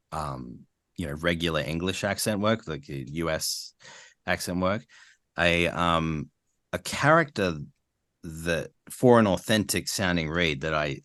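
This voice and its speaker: Australian guy on a podcast, really low voice, talks animated and rambly with tons of ums, dry sound. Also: dry recording. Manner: animated, rambling with many fillers. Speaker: voice actor guest. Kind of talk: casual podcast chat.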